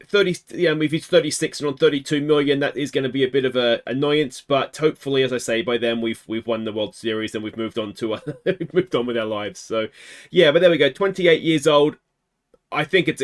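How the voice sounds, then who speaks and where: An Australian man hosting a game video, chatting casually and thinking aloud with wry asides. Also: on the high side. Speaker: gaming video host.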